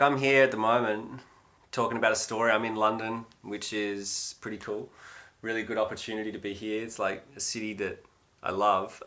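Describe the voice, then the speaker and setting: Chatty Australian man, low and bright. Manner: rambling and chatty, with many fillers. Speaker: livestream host. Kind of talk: casual livestream chat.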